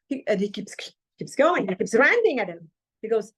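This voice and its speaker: High-voiced woman telling a story. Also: normal speed. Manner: animated retelling, acting out quoted dialogue. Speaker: Torah class teacher. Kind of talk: storytelling Torah talk.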